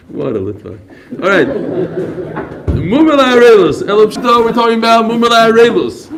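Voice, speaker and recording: A man giving a daily Talmud class, telling stories with quick asides. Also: sits high. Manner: animated storytelling, quick asides. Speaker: Talmud teacher. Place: study hall class.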